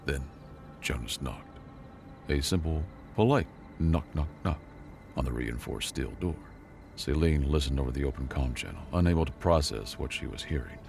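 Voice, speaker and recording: Deep, gravelly male storyteller. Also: moderate pace, a little mellow, slight background noise. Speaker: narrator. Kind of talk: scripted sci-fi story narration.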